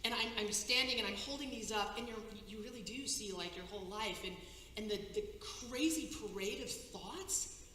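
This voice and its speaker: A woman giving a personal testimony on stage, telling a dramatic story with halting restarts and breathless pacing. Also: mid-range voice, pushed and bright. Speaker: conference speaker. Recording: echoey hall, faint noise.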